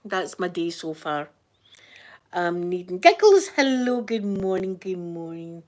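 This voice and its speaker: A woman's voice: fairly low pitch, sing-song, measured pace, darkish tone. A woman with a broad Scottish accent chatting casually on a livestream, reading out viewer names and laughing often. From Scotland. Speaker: livestreaming YouTuber. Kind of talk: casual live chat.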